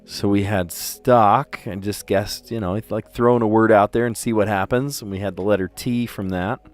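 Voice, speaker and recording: A chatty, playful man with a fairly low voice walks through his daily word puzzles in a relaxed livestream chat. Faint music plays quietly behind him. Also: normal speed. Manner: chatty and playful, often laughing at his own stories.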